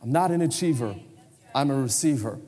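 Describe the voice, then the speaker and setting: A man's voice: medium pitch, expressive, a little fast, mellow, long reverb tail. A man in his forties preaching a conversational sermon in a church, prompting the congregation to answer and turn to each other. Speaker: pastor. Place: church sanctuary.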